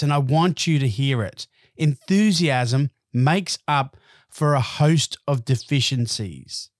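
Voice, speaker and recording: A man giving scripted motivational narration in a measured, emphatic way. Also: mid-range voice, no echo, clean studio sound. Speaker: motivational speaker.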